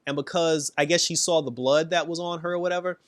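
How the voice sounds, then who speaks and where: Man, animated episode recap, slightly high voice, dry close sound, laughs a lot. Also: fast, smooth, no echo. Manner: animated, laughs often, voices characters in quotes. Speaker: TV episode reviewer. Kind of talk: casual recap and review.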